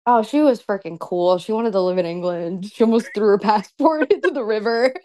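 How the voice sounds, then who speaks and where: In a dry recording, a young woman who wrestles professionally talks fairly quickly in a mid-range voice with a dark tone. She's giggly and casual in the interview, with plenty of "like" fillers.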